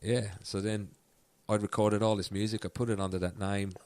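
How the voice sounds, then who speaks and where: An Irish man with a fairly low voice tells a story in an easy, casual chat. He laughs often as he talks. The sound is dry and close, with little room around it. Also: level tone, fairly quick, a little mellow, no room sound. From Ireland. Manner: laughs often while telling stories. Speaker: guest musician.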